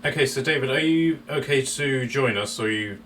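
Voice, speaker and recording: A man running a tabletop game as dungeon master, easygoing and chuckling, halting with fillers. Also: medium pitch, a bit bright, recorded from a distance, slight background noise.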